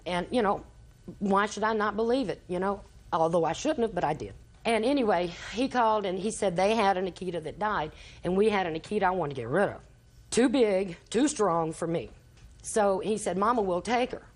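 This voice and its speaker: A woman's voice: medium pitch, fairly quick. An older grandmother testifies in a TV courtroom, rambling through a long family story in an everyday voice. She slips into the quoted words of each person she mentions as she goes. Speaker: litigant, grandmother.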